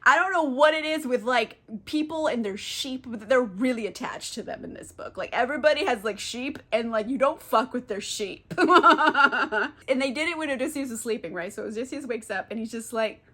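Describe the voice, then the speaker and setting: A woman's voice: on the high side, moderate pace, fairly bright tone. A tipsy woman retelling a classic book as a casual comedic recap, rambling, swearing and giggling. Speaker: book vlogger.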